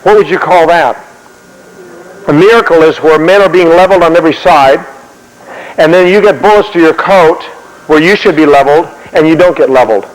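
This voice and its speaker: A man preaching in a sermon-style history talk, animated, often repeating and restarting words, with a long hall reverb. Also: a little high, fairly quick.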